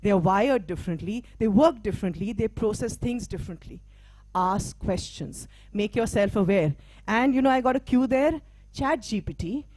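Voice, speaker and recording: A woman's voice: mid-range voice, lively intonation, normal speed, darkish tone, dry recording. A middle-aged woman, a mental health practitioner and diversity trainer, giving a motivational stage talk in a conversational way. She often asks "right?" and "okay?" to check in with her listeners. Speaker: speaker at a live talk event.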